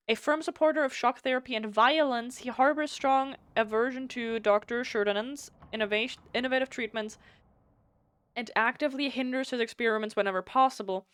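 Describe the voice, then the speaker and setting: A woman's voice: on the high side, smooth, no echo, studio quality. Swearing German woman streaming a game. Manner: animated, swears freely, reads game text aloud. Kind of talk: casual gaming commentary.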